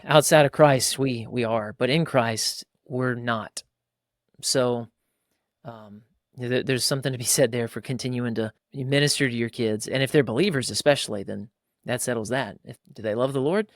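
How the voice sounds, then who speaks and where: Animated man acting out dads. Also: medium pitch, no echo, studio quality. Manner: animated, acts out dads and kids in quick voices. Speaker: podcast co-host. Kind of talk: casual faith-based parenting chat.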